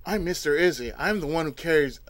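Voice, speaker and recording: A young man co-hosting a casual podcast chat, telling rambling, animated anecdotes and acting out the voices of the people in them. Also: fairly high pitch, fairly quick. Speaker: podcast co-host.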